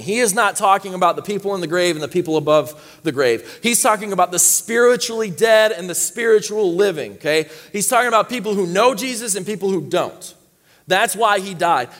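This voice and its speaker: A man with a high voice preaches to his congregation, reading scripture low and quiet, then rising to loud, high exhortation. His voice rings with the long reverb of a large hall. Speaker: pastor. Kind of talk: sermon.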